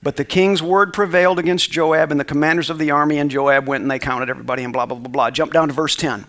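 A man's voice: on the high side, steady tone, quick pace, a bit bright. A male pastor preaching a sermon to a congregation, reading scripture aloud and calling for responses. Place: church sanctuary with congregation.

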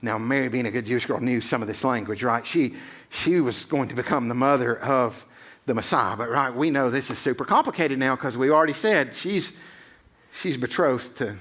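A man's voice: medium pitch, moderate pace, a bit bright. A middle-aged male pastor giving a sermon in a casual, conversational way, often checking in with 'right?'.

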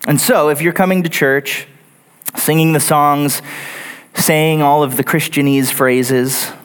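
Male pastor, slightly high voice, earnest sermon delivery with repetition. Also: fairly even intonation, takes it slowly, smooth. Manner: earnest, builds points in lists and repetition. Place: church sanctuary.

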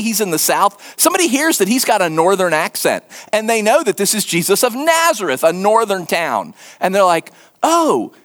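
A man preaching a sermon in an earnest, emphatic way, sometimes dropping to a hushed voice and repeating words for stress. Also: high voice. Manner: repeats words and restarts when stressing a point. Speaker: pastor.

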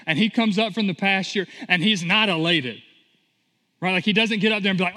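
A pastor in his thirties preaching a sermon in church, telling stories with lively acted-out voices. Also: high-pitched, brisk. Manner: animated storytelling, acting out voices in quotes. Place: church sanctuary. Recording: long hall reverb.

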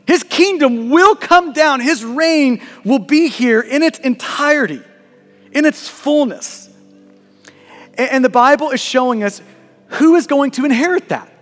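A man's voice: very high-pitched, animated, unhurried, fairly bright tone, big-room sound, faint music behind. A man preaching a sermon as a pastor, earnest and emphatic, often repeating words as he presses a point.

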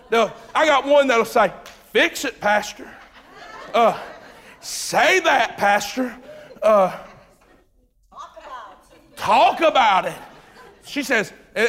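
A pastor preaching an animated sermon, swinging between loud and hushed. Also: male voice, very high voice. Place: church sanctuary. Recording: long reverb of a large hall.

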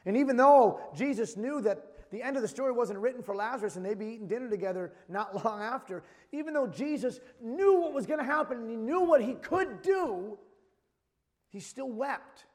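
A man's voice: very high-pitched, lively intonation, normal speed, a little mellow. A man in his thirties preaching a sermon with emphatic delivery, reading scripture aloud in between. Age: 30s. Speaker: pastor. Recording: long hall reverb.

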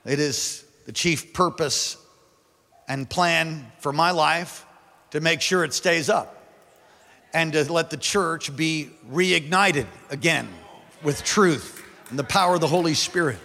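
A male pastor preaching a sermon to a large congregation, building to loud emphatic peaks and calling for responses. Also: fairly high pitch, slow. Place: large church hall. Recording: long hall reverb.

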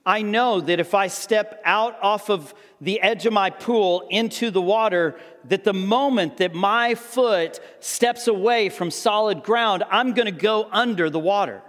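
A man's voice: high-pitched, measured pace, hardly any pauses, fairly bright tone, big-room sound. A pastor preaching a sermon in a conversational way, acting out the people in the story as he reads and explains. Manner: conversational, acts out the disciples' voices.

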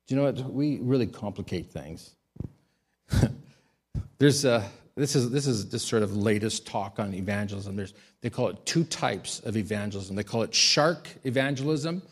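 A man, a pastor, giving a sermon: he tells stories in a quiet voice and rises to loud, emphatic high peaks. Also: expressive, a little slow, husky.

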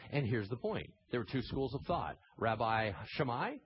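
A man preaching a sermon, telling the story with animated swings between loud emphasis and quiet intensity. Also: medium pitch, moderate pace, breathy edge, dull audio. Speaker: pastor.

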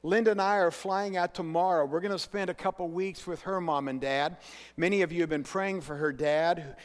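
A middle-aged man preaches to his congregation with earnest, emphatic conviction, often calling on them to respond. His voice sits high for a man. The sound carries the long reverb of a church sanctuary. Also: steady tone, moderate pace. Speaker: pastor. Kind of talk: sermon.

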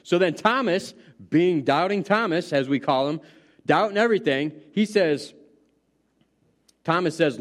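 A man's voice: a little high, expressive, a little slow. A middle-aged man preaching a sermon, retelling scripture in a casual, storytelling way. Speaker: pastor.

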